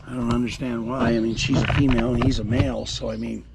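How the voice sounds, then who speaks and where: A man's voice: mid-range voice, flat delivery, quick pace, background noise. A man in his sixties in a casual outdoor vlog, rambling to viewers and talking to the animals around his campsite. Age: 60s. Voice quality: gravelly, husky. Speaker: vlogger.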